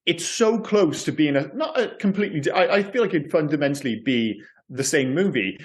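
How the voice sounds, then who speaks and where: A man co-hosting a film podcast, talking in a rambling, self-correcting, animated way in casual chat. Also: a little high, fairly quick. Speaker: podcast co-host.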